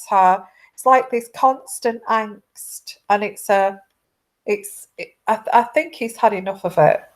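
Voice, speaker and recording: A woman giving a casual intuitive tarot reading, rambling with many halting restarts. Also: medium pitch. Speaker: tarot reader.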